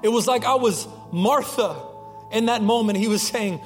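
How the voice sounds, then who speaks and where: A man's voice: sits high, moderate pace, long reverb tail, faint music behind. A young man preaching a sermon as pastor, telling stories in a conversational way with frequent restarts. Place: church sanctuary.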